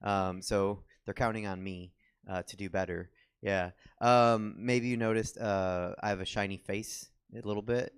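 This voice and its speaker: A man's voice: lowish voice, fairly even intonation, unhurried, clear, resonant tone. A young man doing a stand-up comedy set on a theater stage, rambling and self-deprecating with lots of ums and restarts.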